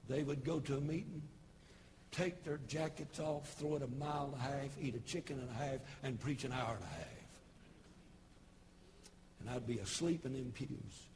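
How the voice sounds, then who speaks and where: A pastor in his sixties with a Tennessee Southern accent, preaching a folksy, humorous sermon with homespun storytelling and sudden shouted bursts. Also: mid-range voice, normal speed, noisy background. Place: church service broadcast on television.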